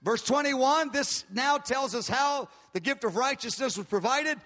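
A man delivers a sermon in a very high, bright voice, hammering home declarations and drawing out key words for weight. His voice rings with the long reverb of a large hall. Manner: emphatic, repeats declarations, slows down to stress words. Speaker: preacher.

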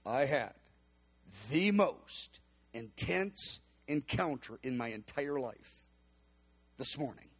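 A man voicing a shaken, trembling man who has just had an intense spiritual encounter, speaking slowly and in a hush. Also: mid-range voice, lively intonation, breathy edge, pitched below the performer's own voice, exaggerated voice. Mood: awed. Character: trembling, awestruck man after a vision.

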